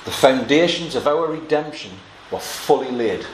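A man's voice: mid-range voice, animated, normal speed. Earnest preacher man in an echoey room. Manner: earnest, swinging from quiet scripture reading to emphatic exclamations. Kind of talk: expository Bible sermon. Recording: echoey room with faint ambient noise.

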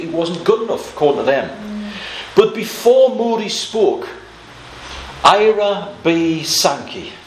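A man's voice: high-pitched, slight background noise. Preacher man in an echoey hall. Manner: storytelling with asides and laughs, slowing for emphasis. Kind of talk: sermon.

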